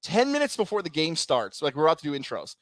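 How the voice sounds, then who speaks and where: A man co-hosting a sports radio show, telling stories in a casual, animated way and acting out quotes. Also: on the high side, quick pace, no echo. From Central New York. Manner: animated storytelling, acts out quotes.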